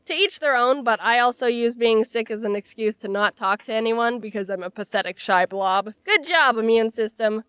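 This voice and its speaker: A young woman with a stuffy, nasal voice from a cold, narrating funny stories with sarcastic, animated delivery. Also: on the high side, clear, resonant tone, dry recording, studio quality. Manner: animated, sarcastic, quick jokes. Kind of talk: comedic storytelling narration.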